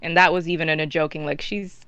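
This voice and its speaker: A man's voice: fairly high pitch, level tone, fast talker, pushed and bright. A man co-hosting a gaming podcast, wry and matter-of-fact in casual chat. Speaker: podcast co-host.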